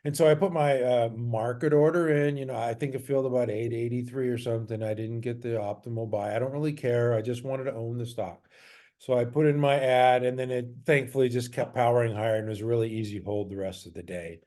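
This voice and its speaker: A stock trader casually walks through his trades and charts, chatting loosely with frequent fillers and self-corrections. His mellow, medium-pitched voice holds a steady tone and runs a little fast.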